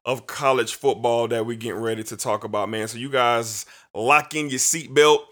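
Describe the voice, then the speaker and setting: In a medium-pitched, fairly bright voice with a steady tone, a man talks at normal speed. He is a sports podcast host giving an animated rant with features, emphatic and repeating names for effect.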